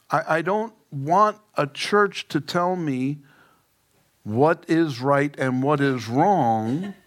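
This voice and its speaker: A man preaching a casual Bible-study sermon, informal and emphatic, with joking asides. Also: on the high side. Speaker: pastor. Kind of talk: conversational Bible teaching sermon.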